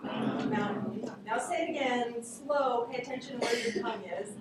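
A woman gives a lively, casual classroom lecture and keeps asking her students questions. Her voice sits fairly high. She is recorded from across a very echoey room. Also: a little fast, heavy background noise. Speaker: linguistics teacher. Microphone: room recording from a distance. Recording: very echoey classroom, distant mic.

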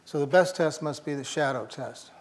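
Older guy lecturing, dry jokes, lots of uhs, voice a bit high. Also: moderate pace. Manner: dry humor, thinking aloud with fillers and restarts. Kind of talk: university lecture.

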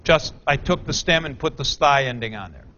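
A man's voice: medium pitch, animated, moderate pace, bright, forceful tone, a little hiss or hum. A man teaching a Greek grammar class, talking through the forms aloud and correcting himself as he goes. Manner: thinks aloud, corrects himself mid-explanation. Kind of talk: classroom lecture. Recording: dull lo-fi classroom recording.

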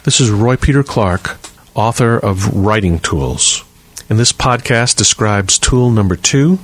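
Male podcast host, very low voice with a husky edge, measured scripted reading of a writing tip. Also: lively intonation, no echo. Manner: measured, clear and deliberate reading.

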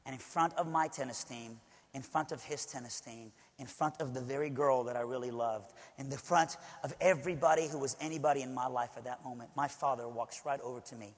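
An Alabama preacher tells a personal story during a sermon, speaking briskly in a mid-range voice. His delivery is conversational, full of asides to the audience, and carries a long hall reverb.

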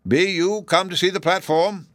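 A man's voice: high voice, fairly even intonation, moderate pace, a bit bright, dry recording, studio quality, pitched above the performer's own voice. A man voicing a simple, tearful old male gardener who speaks in a country dialect. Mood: simple, earnest.

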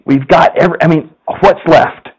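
A man's voice: a little high, fairly even intonation, normal speed, husky, rough recording. A man voicing three fuzzy little wolves who anxiously plan a stronger house in a storybook tale.

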